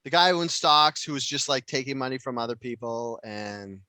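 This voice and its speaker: Bright, brassy-voiced man chatting. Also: mid-range voice, animated, fairly quick, dry recording. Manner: rambling, frequently swearing. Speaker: podcast co-host. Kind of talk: casual podcast chat.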